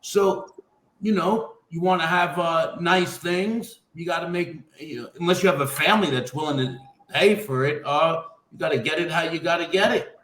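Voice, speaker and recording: Calm guy talking plainly, kinda high voice, room echoes a lot. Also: normal speed. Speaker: formerly incarcerated panel guest. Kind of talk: candid panel discussion.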